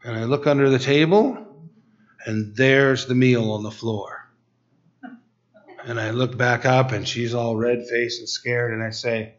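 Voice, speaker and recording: A middle-aged man preaching a sermon, telling a personal story in quick bursts with stammered restarts. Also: mid-range voice, fairly even intonation. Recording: dull lo-fi recording.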